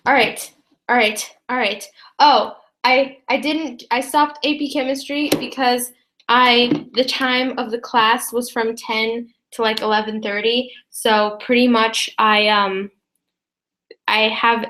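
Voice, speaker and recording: A teenage girl chatting casually to her viewers, rambling with many fillers and quick apologies. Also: on the high side, little pitch movement, a bit bright. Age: teens. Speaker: student vlogger. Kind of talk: casual chat to camera.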